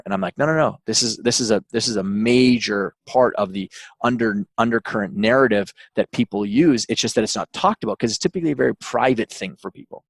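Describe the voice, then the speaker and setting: A man, an author interviewed as a guest, telling an anecdote in a relaxed way with frequent fillers and restarts. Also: lowish voice, quick pace, gravelly, dry recording. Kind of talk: interview storytelling.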